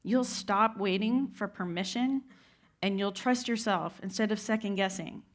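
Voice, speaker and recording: A woman's voice: mid-range voice, measured pace. A woman giving an inspirational speech from a stage, telling a personal story and speaking straight to her audience. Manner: heartfelt storytelling, addresses the audience directly. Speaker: keynote speaker. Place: event stage before a live audience.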